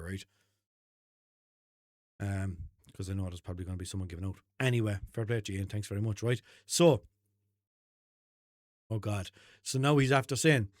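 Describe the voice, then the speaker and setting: A Limerick-accented man chats loosely on his own podcast, wandering and swearing as he goes. He speaks at a middle pitch. The sound is dry and close. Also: moderate pace, long pauses, dry recording. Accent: Limerick Irish. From Limerick, Ireland. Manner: rambling, sweary, jokey. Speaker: podcast host. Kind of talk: unscripted casual podcast chat.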